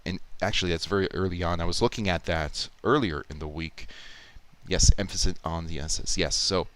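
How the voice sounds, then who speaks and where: Deep-voiced man rambling through a live edit. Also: steady tone, fairly quick, noisy background. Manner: rambling, explanatory, thinking aloud with restarts. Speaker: YouTube Poop editor streaming. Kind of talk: casual live-stream commentary, teaching.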